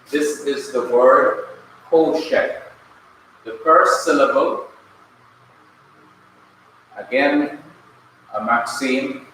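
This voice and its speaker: Slow, bright-voiced male teacher, echoey room. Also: medium pitch. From Jamaica. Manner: slow, deliberate explaining. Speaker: Hebrew teacher. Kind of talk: classroom lecture. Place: classroom. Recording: very echoey room, faint hum.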